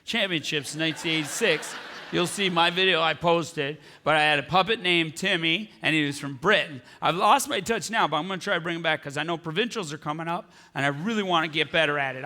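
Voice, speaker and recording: A man doing stand-up comedy on a large theater stage, talking in an animated way and jumping into high squealing impressions, with audience laughter behind him. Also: brisk, slight background noise.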